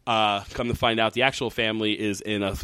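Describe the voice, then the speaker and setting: A man in casual chat recapping a TV episode, swearing freely and slipping into high mocking voices for the characters. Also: fast talker, clean tone, no room sound. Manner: animated, swears often, jumps into high mocking voices when quoting characters. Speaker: podcast co-host.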